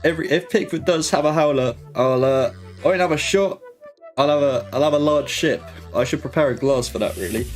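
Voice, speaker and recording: A slightly high, fairly quick male voice belongs to a young man at home running a casual football watch-along stream. He's full of slang and keeps reading his chat's comments aloud, with faint music in the background.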